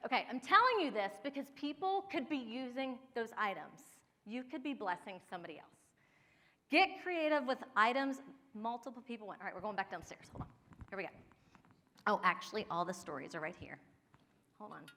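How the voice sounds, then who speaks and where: A woman's voice: fairly high pitch, lively intonation, fairly quick, bright, forceful tone, long reverb tail. A woman in her forties from Ohio, giving a chatty workshop talk with personal stories, laughing often and speaking straight to her audience. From Ohio, USA. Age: 40s. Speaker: downsizing and home organizing expert.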